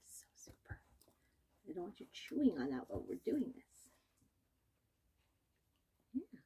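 Mellow-voiced woman dog trainer. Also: on the low side, gravelly, slight background noise. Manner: calm, patient, coaxing praise to the dog. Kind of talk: instructional talk while training a puppy. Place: indoor training room.

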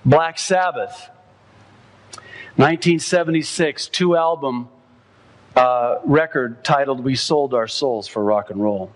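A man preaching a sermon as pastor, quoting others at length and rising to impassioned, near-shouted peaks. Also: mid-range voice, slow.

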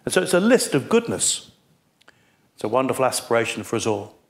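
A man's voice: mid-range voice, big pitch swings, brisk, creaky. A man preaching a sermon, explaining a scripture text in an earnest manner and putting questions to his listeners.

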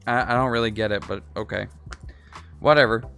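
A man's voice: fairly low pitch, fairly even intonation, brisk, vocal fry, a bit bright, soft background music. A man in his twenties chatting casually while building a toy, rambling, talking to himself and swearing freely. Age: 20s. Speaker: streamer.

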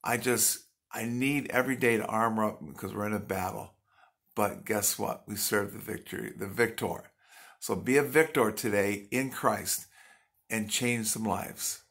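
Gravelly earnest man, motivational speaker. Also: on the low side, steady tone, a little slow, a bit bright. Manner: emphatic, repeats phrases for punch. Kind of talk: faith-based motivational talk.

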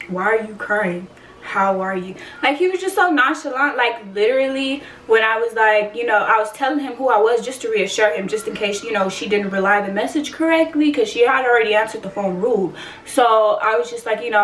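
A woman's voice: medium pitch, echoey room, far from the mic, slight background noise, poor audio. A woman in her twenties telling an emotional personal story in a candid, slangy, swearing vlog. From San Antonio, Texas. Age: 20s. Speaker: vlogger.

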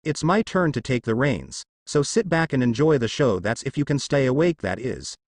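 A man's voice: medium pitch, lively intonation, normal speed, no room sound, studio quality, lightly acted. A man doing a smug, cackling wicked woman. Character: smirking, domineering dark side of a woman.

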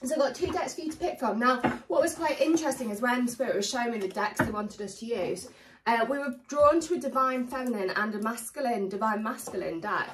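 A chatty woman gives a casual tarot reading, speaking straight to her viewers in a lively, friendly way. Her voice is a touch hoarse, like she is starting to lose it. She sits a little back from the microphone. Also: a little high, fairly quick, far from the mic, slight background noise, low-quality recording. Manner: chatty, animated, warmly addresses viewers. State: slightly losing her voice. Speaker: tarot reader.

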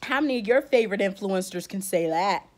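A woman's voice: mid-range voice, expressive, fairly quick, a little mellow. A woman beauty vlogger giving a blunt, emotional rant in casual slang, close to tears. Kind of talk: heated vlog rant.

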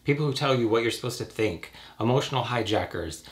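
A young man with a cold, talking straight to camera in a sarcastic, profane, animated rant. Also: medium pitch, fast talker. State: has a cold. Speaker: YouTuber. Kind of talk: ranting casual vlog.

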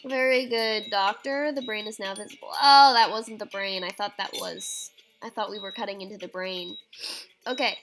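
Young female let's-player, unhurried and chatty, light game music underneath. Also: a little high, pushed and bright, rough recording. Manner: chatty, reads game prompts aloud, squeamish exclamations. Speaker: game streamer. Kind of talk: casual let's-play commentary.

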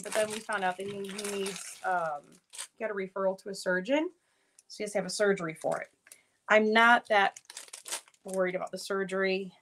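A woman in her thirties hosts a casual live sale, her voice sitting in a middle pitch. She rambles through stories with plenty of fillers and restarts. When quoting her children she jumps her voice up higher. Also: slight background noise, low-quality recording. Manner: rambling storytelling with many fillers; acts out her kids' lines in a higher voice. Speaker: live sale host selling jewelry. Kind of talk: casual chatty live selling.

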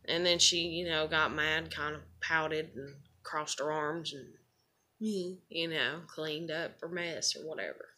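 A woman's voice: fairly low pitch, fairly even intonation, normal speed, bright, forceful tone. A woman in her thirties, a mother, venting in a casual, rambling home vlog, frustrated and swearing freely. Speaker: mother vlogging.

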